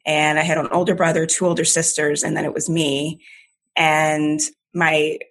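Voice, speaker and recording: A woman comedian born in Jamaica and raised in Maryland, telling stories in a playful, quick-witted way as a podcast guest. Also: sits low, little pitch movement. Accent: none, American. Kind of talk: casual interview.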